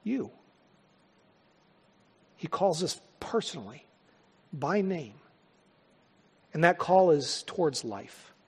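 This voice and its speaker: A male pastor delivers a sermon with earnest, dynamic force, building to loud swells and then dropping into hushed pauses. His voice sits high for a man. The sound carries a long reverb from a large church hall. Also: very animated, husky.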